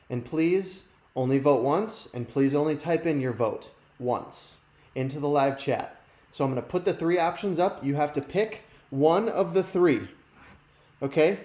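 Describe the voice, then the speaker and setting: A man's voice: a little high, measured pace, a little mellow. A man hosting a live youth ministry show, chatting casually and self-deprecatingly straight to viewers. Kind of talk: casual live-stream chat. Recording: roomy echo.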